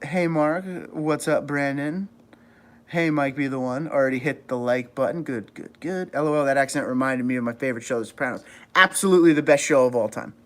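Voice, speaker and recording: A man's voice: mid-range voice, a little fast. A middle-aged man from New York with a New York accent, chatting casually on a livestream and reading viewer comments aloud. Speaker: livestream host.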